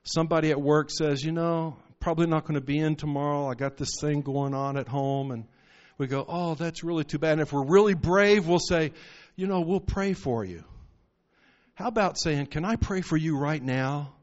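A man's voice: fairly high pitch, moderate pace. A man preaching a sermon, telling stories and rising into emphatic bursts. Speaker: pastor. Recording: muffled lo-fi recording.

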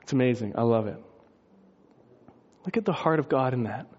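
A man preaching a sermon, telling a story with lively, animated delivery and acted-out voices. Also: mid-range voice, normal speed, husky, lo-fi sound. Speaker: pastor.

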